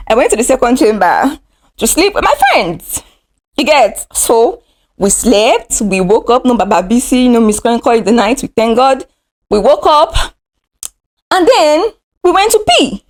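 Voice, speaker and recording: A young Nigerian woman telling a personal story in a casual vlog. Her voice sits fairly high and leaps up and down the scale as she acts out the drama. The delivery is animated and expressive. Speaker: vlogger.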